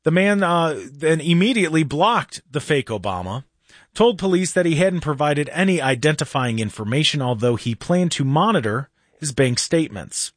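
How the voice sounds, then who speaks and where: Animated talk radio host, dry studio sound. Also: male voice, a little high, moderate pace, no echo. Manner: animated storyteller, acts out quotes. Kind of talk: casual talk radio chat.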